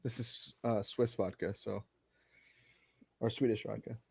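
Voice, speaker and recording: A man's voice: fairly low pitch, fairly even intonation, unhurried, gravelly, a little mellow, a little hiss or hum. A man in his thirties hosting a podcast, joking around casually and swearing a lot. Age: 30s. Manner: joking, profane, loose. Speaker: podcast host. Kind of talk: casual chat.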